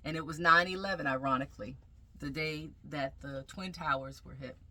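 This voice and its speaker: A woman with a bright, clear voice that sits slightly low, telling a deeply personal story. She speaks reflectively and haltingly, stopping often to gather her thoughts. Her tone is intimate and earnest, like a vlog confession. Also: fairly even intonation. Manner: reflective, halting, with frequent pauses and fillers. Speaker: vlogger sharing a personal testimony.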